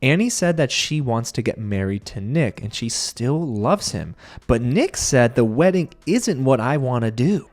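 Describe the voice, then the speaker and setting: Man, reality show recap host, sarcastic, animated, swooping lively pitch, mid-range voice, chatty commentary. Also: a little slow. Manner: sarcastic, animated, addresses viewers directly.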